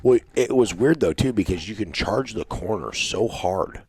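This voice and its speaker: Middle-aged guy with a really low voice, racing stories, swears a lot, acts out what everyone said, dry close sound. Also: normal speed, husky, dry recording. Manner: animated, profane, acts out quotes. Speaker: race car driver, podcast guest. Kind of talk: casual storytelling chat.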